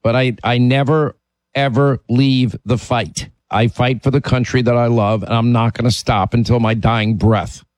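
A man's voice: medium pitch, fairly even intonation, normal speed, darkish tone, no echo. A man hosting a call-in talk radio show, talking emphatically and opinionatedly, sometimes restarting his sentences.

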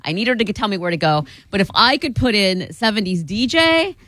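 A woman co-host teases and chats in a lively, up-and-down voice on a radio show. Her delivery is playful and quick. The mic is close and dry. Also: mid-range voice, no echo. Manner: teasing, giggly. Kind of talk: casual studio banter.

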